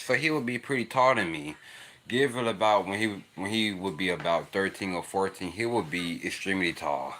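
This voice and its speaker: A man's voice: low-pitched, moderate pace, fairly bright tone. A young man rambling and laughing in a casual livestream chat with a child nearby. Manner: rambling, repetitive, laughs often. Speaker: livestream host.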